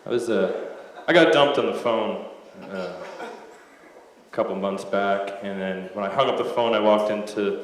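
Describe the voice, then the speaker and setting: Deadpan man in an echoey club. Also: lowish voice. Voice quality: deadpan, frequent "uh" pauses. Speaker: stand-up comedian. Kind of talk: stand-up comedy set. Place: comedy club stage. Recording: echoey live club with loud noise.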